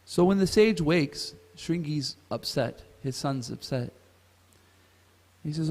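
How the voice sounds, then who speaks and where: A man's voice: fairly high pitch, expressive, slow pace, darkish tone. Man retelling a scripture story. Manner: asks the audience questions. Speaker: class speaker at a temple. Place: temple hall. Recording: reverberant temple hall.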